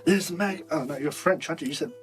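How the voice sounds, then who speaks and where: A man's voice: a little high, fast talker, soft background music, lightly acted. A man voicing a weary, fussy male servant in a tabletop game, muttering in a flustered way.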